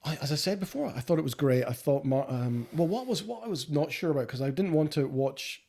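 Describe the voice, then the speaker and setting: A man's voice: a little high, lively intonation, a little fast, gravelly, dark tone. A Scottish man co-hosting a podcast, giving blunt opinions in casual chat. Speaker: podcast co-host.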